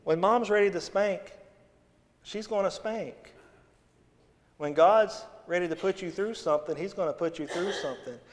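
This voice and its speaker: A man with a drawl preaches from the pulpit, his voice sitting a little high for a man. He mixes homespun humor with scripture, going loud for emphasis and dropping low for asides. The long church reverb hangs after each phrase. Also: normal speed. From Missouri, USA. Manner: folksy and humorous, shifting between loud emphasis and quiet asides. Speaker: associate pastor. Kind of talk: sermon. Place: church sanctuary.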